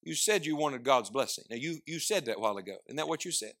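A man preaching a sermon, swinging from loud declarations to hushed asides and prompting the congregation to answer. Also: medium pitch, animated, fast talker, few pauses. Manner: asks the congregation questions and prompts replies.

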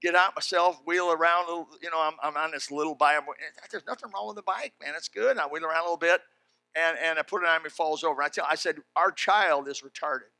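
Spinning homespun tales that build into shouted preaching, an older man delivers a fast sermon in a high voice with a sharp, bright edge and some creak. The tone is clean, and the sound sits dry and close with no echo.

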